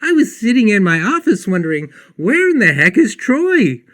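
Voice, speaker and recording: A man voicing an excited, chatty woman coworker who fires off rapid, breathless questions. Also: high voice, pitched above the performer's own voice, heavily acted. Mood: bewildered.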